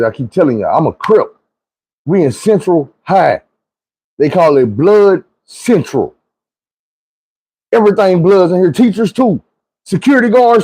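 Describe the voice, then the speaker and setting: A man spins a rambling street story, full of slang and cursing. His voice sits fairly high but sounds warm and mellow, never sharp. He acts out his friends' lines as he goes. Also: no echo. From Arkansas. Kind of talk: casual profane storytelling.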